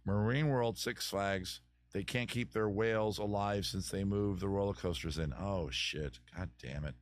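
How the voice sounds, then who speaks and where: A man's voice: on the low side, measured pace. A middle-aged man hosting a casual live stream, answering viewer comments in a rambling way, often restarting sentences and swearing casually.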